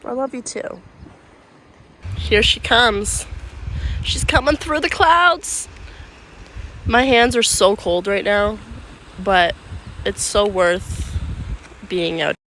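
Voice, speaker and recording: A woman's voice: mid-range voice, takes it slowly, pauses often, a bit bright, a little hiss or hum, low-quality recording. A woman vlogger chatting casually and playfully on a handheld phone, outdoors on a seaside cliff. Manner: chatty, playful, talks to her dog. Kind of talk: casual vlog narration.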